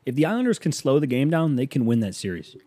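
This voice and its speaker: Joking man with a mellow voice. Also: quick pace, no room sound. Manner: loose, joking, animated with sudden pitch jumps. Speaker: podcast host. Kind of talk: casual solo podcast chat.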